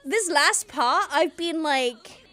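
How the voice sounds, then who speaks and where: A woman's voice: high voice, expressive, slow pace, bright, forceful tone, faint music behind, a faint crowd. A woman hosting a reaction video, exclaiming, gasping and laughing as she watches. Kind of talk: excited reaction commentary.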